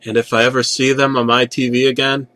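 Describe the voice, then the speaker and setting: A man's voice: medium pitch, little pitch movement, brisk, sharp tone. A young man narrating a parody creepypasta with a sarcastic, profane delivery.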